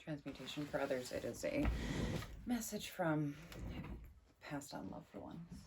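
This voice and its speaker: A woman giving a casual tarot reading, chatty and excitable as she thinks aloud over the cards. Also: sits low, unhurried, background noise. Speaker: tarot reader.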